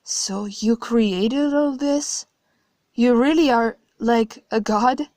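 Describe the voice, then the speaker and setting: A woman's voice: fairly high pitch, slow, darkish tone, no echo, voice pushed up. A woman reading a horror story, voicing a young man who asks urgent, confused questions. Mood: pleading.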